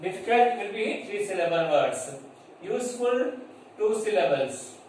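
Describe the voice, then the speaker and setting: A man with an Indian English accent teaching a grammar lesson to children, slowly spelling out words and checking whether they understand. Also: sits high, lively intonation, a little mellow. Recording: echoey room from far off, faint noise.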